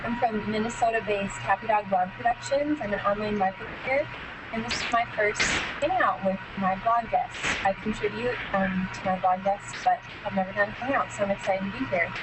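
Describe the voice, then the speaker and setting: A woman introduces herself on a video call in a soft, slightly hesitant way. Loud noise runs behind her voice. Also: mid-range voice, normal speed. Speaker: online marketer. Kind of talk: casual self-introduction.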